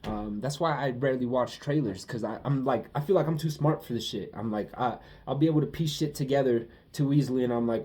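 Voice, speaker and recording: A man's voice: mid-range voice, a little fast, hardly any pauses, a little mellow. A young man talking through a casual personal monologue, emotional and profane, often repeating himself. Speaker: vlogger.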